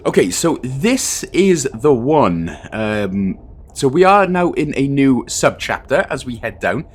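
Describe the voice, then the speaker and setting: Chatty man with a lively voice. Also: medium pitch, takes it slowly, husky. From Wales. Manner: chatty and self-deprecating, with jokey asides. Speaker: gaming guide host. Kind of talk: casual game walkthrough commentary.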